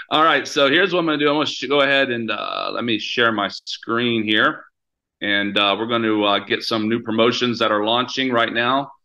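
A man's voice: medium pitch, sharp tone, muffled recording. A man from the United States hosting a company video call, upbeat and hyped, with lots of fillers and restarts. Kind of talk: casual webinar hosting.

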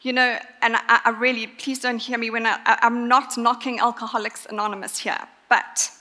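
A woman preaching a sermon in an earnest, emphatic way, pausing to stress her points. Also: a little high, flat delivery, sharp tone. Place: church. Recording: long church reverb.

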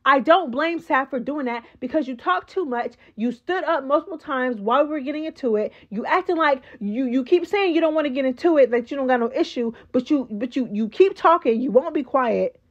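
A woman's voice: sits high, fairly quick, few pauses, highs cut off. A woman hosting a casual reality show recap, chatty and slangy, talking straight to her viewers. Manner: chatty, slangy, animated, addresses viewers as girl.

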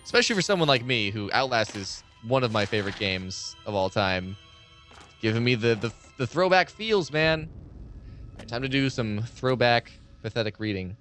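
With soft music in the background, a man with a mid-range, fairly bright voice speaks at normal speed with lively intonation. He's a gaming live streamer playing a horror game, giving loose, rambling commentary to viewers and swearing freely.

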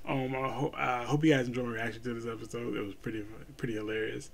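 A man's voice: mid-range voice, little pitch movement, quick pace, creaky, a little hiss or hum. A man hosting a reaction video, chatting loosely with his viewers and rambling through his thoughts. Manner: loose and rambling, laughs often. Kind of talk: casual reaction chat.

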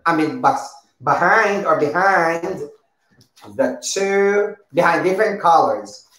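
A woman teaching a preschool circle-time lesson, speaking slowly and patiently, repeating words and praising often. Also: low voice. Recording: roomy echo.

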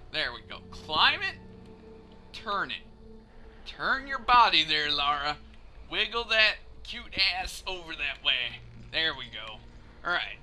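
Male gamer, high and animated, slow talker, game music loud underneath. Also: a little hiss or hum. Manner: joking, swearing, talks at the character. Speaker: let's play gamer. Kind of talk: casual gameplay commentary.

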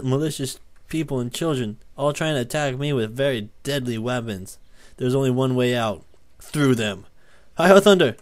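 A young man talks through a game at an unhurried, drawn-out pace and an ordinary pitch. He swears often and bursts into loud yells whenever he crashes or pulls off a stunt. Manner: excitable, swears often, yells at wins and deaths. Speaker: gaming YouTuber. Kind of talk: gameplay commentary.

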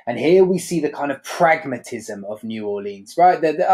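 A man's voice: on the high side, expressive, moderate pace, darkish tone. A man teaching a literature lesson in a conversational way, often checking in with "right?".

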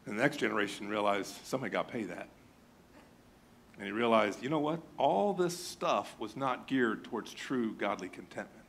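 A male pastor preaching a sermon, animated and joking, often mimicking his congregation in a raised voice. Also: on the low side, moderate pace, slightly rough.

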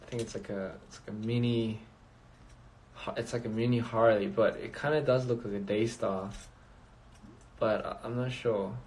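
A man's voice: lowish voice, steady tone, normal speed, darkish tone. A man chatting casually on a phone livestream, rambling and reading out viewer comments. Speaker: livestream host.

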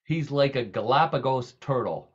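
A man's voice: medium pitch, animated, moderate pace, slightly rough, lo-fi sound. A man hosting a podcast in casual, comedic chat, telling jokes and laughing often. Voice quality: jokey, laughs often, tells gags. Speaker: podcast host.

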